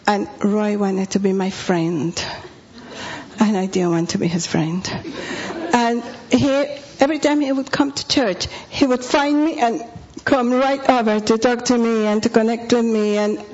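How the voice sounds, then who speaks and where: A woman's voice: fairly high pitch, measured pace, a little mellow. A woman pastor preaching with humorous, confessional stories, often dropping to a whisper. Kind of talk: sermon storytelling. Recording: dull lo-fi recording.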